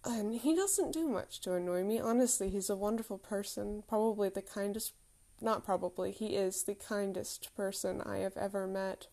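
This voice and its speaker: A woman's voice: mid-range voice, normal speed, gravelly, mellow. A woman in her thirties telling a candid, reflective personal story with self-deprecating humour.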